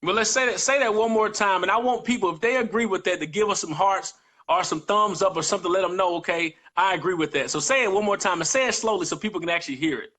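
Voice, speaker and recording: A man's voice: high-pitched, quick pace, sharp tone. A man co-hosting a live-streamed motivational chat, speaking earnestly and repeating his key phrases for emphasis. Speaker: guest co-host.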